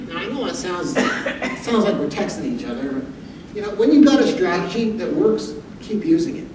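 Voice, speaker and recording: A man giving a motivational talk, telling humorous personal stories with an animated, self-deprecating delivery. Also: on the high side, fairly quick. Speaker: motivational speaker. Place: university lecture hall. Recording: echoey hall audio from far off with background noise.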